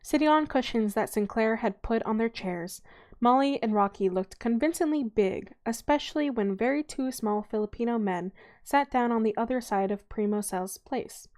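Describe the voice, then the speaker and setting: A woman's voice: a little high, normal speed, darkish tone. Woman reading a novel aloud, stumbling. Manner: informal reading with frequent stumbles and self-corrections.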